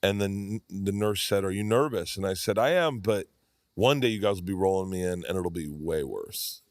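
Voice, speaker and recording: A man in his fifties, guesting on a podcast, tells rambling stories in casual chat, animatedly acting out quotes as he goes. His low-pitched voice moves at a moderate pace, recorded with clean studio sound and no echo.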